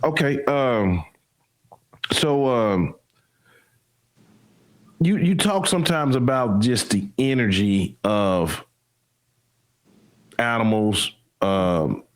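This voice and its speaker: A man's voice: mid-range voice, lively intonation, very slow, pauses often. A man hosting a dog podcast, asking questions in a hesitant way with frequent "um". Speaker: podcast host. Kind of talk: casual interview questions.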